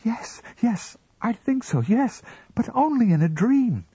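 A man voicing a young wife in a read-aloud story, lifting his voice high and light for her. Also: very animated, a little slow, dark tone, husky, dry recording, rough recording. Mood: flustered. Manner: light, raised voice for a woman. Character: young wife, dreamy and gently amused woman.

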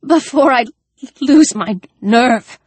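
A woman's voice: fairly high pitch, lively intonation, slightly rough, dry recording, pitched above the performer's own voice, exaggerated voice. Woman doing a gasping feverish wounded man. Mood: desperate. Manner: halting, stammering, breathless pleading. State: out of breath.

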